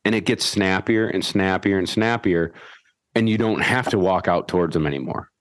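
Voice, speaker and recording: A man hosting a podcast and explaining dog training in a folksy, animated way, acting out his whistle commands. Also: low voice, moderate pace, no room sound. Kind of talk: casual instructional chat.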